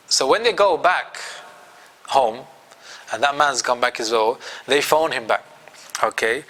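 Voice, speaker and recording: A man with a British accent teaching an Islamic studies class, telling a story in an animated way and acting out its dialogue. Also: medium pitch. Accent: British English.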